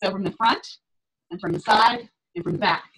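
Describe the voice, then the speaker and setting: A woman's voice: medium pitch, normal speed, fairly bright tone, a little hiss or hum, low-quality recording. A middle-aged woman fitness coach on a group call, talking in a chatty way, laughing often and acting out her clients' reactions.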